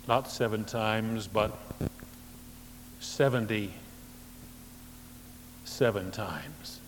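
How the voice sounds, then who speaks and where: A man preaching a sermon as pastor, emphatic, rising to loud stresses and dropping to soft low phrases, with dry humorous asides. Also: long reverb tail, a little hiss or hum, poor audio. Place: church sanctuary.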